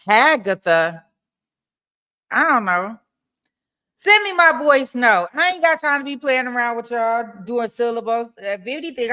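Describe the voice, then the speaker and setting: A woman's voice: medium pitch, bright, forceful tone. A woman hosting a livestream and chatting casually with her viewers in a playful, teasing way, with features. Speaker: livestream host. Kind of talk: casual chat with live viewers. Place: home desk.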